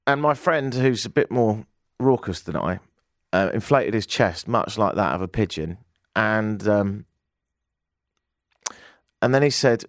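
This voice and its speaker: A man's voice: unhurried, creaky, long pauses, a bit bright, no room sound, studio quality. A British man in his forties hosting a talk radio show, telling a self-mocking story with wry asides. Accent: British English. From Britain. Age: 40s. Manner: wry, self-mocking, swings high for emphasis. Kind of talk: animated storytelling monologue. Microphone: studio microphone.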